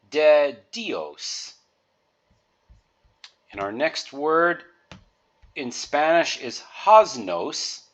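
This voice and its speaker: A man slowly talking through a pronunciation guide, giving patient explanations with everyday example words. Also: on the high side. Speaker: music teacher. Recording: dull lo-fi recording.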